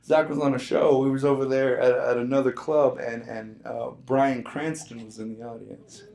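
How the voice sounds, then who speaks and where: A man from the Navajo Nation doing a stand-up comedy set, an animated, laughing storyteller who talks in slang. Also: mid-range voice, moderate pace, gravelly. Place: comedy club stage with live audience. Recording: echoey club room with audience noise.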